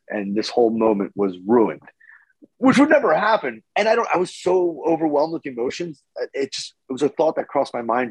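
A man telling a story casually as a podcast guest, animated, with his voice jumping up when he gets excited and swearing freely. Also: mid-range voice, slightly rough, no echo, rough recording.

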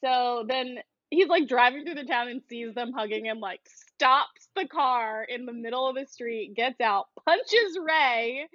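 A woman's voice: on the high side, unhurried, hardly any pauses, no echo, highs cut off. Dry, sarcastic woman podcast co-host. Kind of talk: casual chat, recapping a movie.

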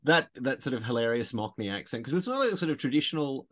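A man's voice: mid-range voice, sing-song, quick pace, fairly bright tone. A man co-hosting a podcast in casual chat, talking enthusiastically with rambling restarts. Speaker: podcast co-host.

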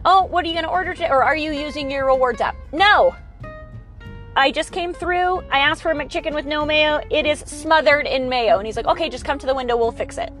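A woman's voice: sits high, fast talker, few pauses, a bit bright, soft background music. A woman co-hosting a podcast, chatting casually and swearing freely as she acts out both sides of her stories. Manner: profane storyteller, acts out both sides of a story. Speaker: podcast co-host. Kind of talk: casual chat.

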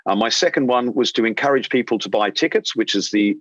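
A man's voice: mid-range voice, fairly quick, no echo, dull audio. A man in his late forties or fifties, an airline captain being interviewed, telling a story at length and acting out the voices of the people in it. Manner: animated storyteller, acts out quoted dialogue. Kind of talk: conversational storytelling.

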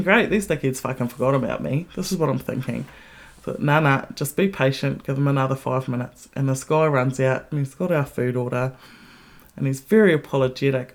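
A woman hosting a podcast who tells a story in a casual monologue, blunt, candid and full of swearing, and grows more animated as she goes. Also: moderate pace. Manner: blunt, heavily profane, candid; animated retelling with rising pitch. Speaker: podcast host.

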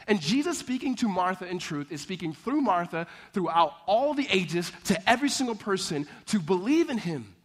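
High-voiced pastor telling animated stories. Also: male voice, fairly quick, few pauses. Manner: animated storytelling, acting out dialogue, laughing often. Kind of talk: sermon. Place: church.

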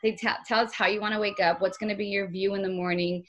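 A woman host talks in a casual, gushing way, her feelings close to the surface. Her voice sits at an ordinary mid pitch. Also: fairly even intonation, quick pace, a bit bright, slight background noise. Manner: effusive, gushing, emotional. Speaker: podcast host. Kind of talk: casual interview chat.

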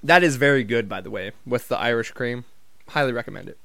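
A man's voice: medium pitch, quick pace, creaky, fairly bright tone, no echo. A man vlogging in a casual comedic monologue, telling rambling, profane, jokey stories.

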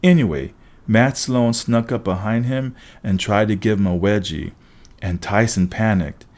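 A man reading a first-person story aloud as an audiobook narrator, steady with wry asides. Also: fairly low pitch, measured pace.

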